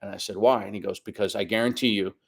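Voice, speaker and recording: A man's voice: on the low side, steady tone, quick pace, creaky. A man in his fifties telling a long personal story as a guest on a podcast, acting out the voices of the people he quotes. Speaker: guest soccer coach. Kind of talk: casual storytelling interview.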